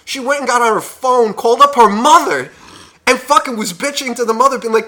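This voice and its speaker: A man's voice: very high-pitched, animated, brisk, pushed and bright. A young man co-hosting a podcast, telling a story in casual chat, rambling and swearing, with lots of fillers. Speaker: podcast co-host.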